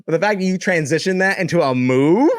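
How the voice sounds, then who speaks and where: Animated young man telling stories. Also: fairly high pitch, fast, clean tone, no echo, studio quality. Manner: animated, laughing often, swearing, acting out quotes. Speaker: streamer. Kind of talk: casual storytelling to a live chat.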